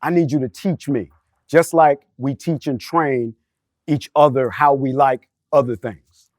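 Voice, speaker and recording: A man's voice: mid-range voice, measured pace, no room sound. Storytelling man, dry close sound. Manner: storytelling, animated, street-casual phrasing. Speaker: podcast panelist. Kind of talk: candid podcast talk.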